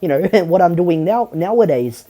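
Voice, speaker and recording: A woman co-hosting a casual podcast, playful and quick to laugh. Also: fairly low pitch, animated, warm tone. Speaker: podcast co-host. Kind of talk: casual chat.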